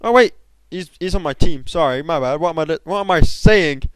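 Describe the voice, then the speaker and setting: A young man giving excitable commentary over his own game, bursting into high shouts at times. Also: fairly quick, clear, resonant tone, no room sound, low-quality recording. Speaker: gamer. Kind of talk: gameplay commentary.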